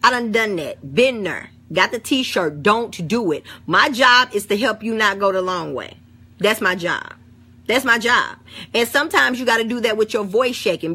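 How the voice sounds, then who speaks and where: A woman's voice: on the high side, sharp tone, breathy edge. A middle-aged woman with an African American St. Louis accent, talking bluntly and swearing freely in a casual chat. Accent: African American English, St. Louis. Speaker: vlogger. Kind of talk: casual talk to camera.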